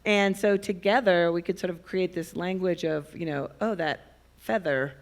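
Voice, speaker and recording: A woman filmmaker speaking on a festival panel, telling stories in an animated way and laughing as she talks. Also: on the low side, moderate pace. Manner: animated storyteller, laughs while talking. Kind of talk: panel discussion.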